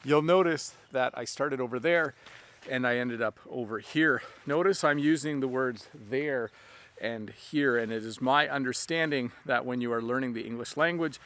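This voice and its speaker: A man teaching an English lesson outdoors, speaking slowly and clearly with simple examples, a little out of breath. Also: medium pitch, fairly bright tone. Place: outdoors in the rain. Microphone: camera on a stand.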